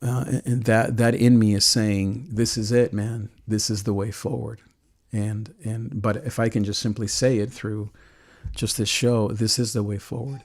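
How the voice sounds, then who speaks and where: A man hosting a call-in show, talking earnestly and emotionally about faith and love, with frequent restarts and soft laughs. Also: on the low side, breathy edge. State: choked with emotion. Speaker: host.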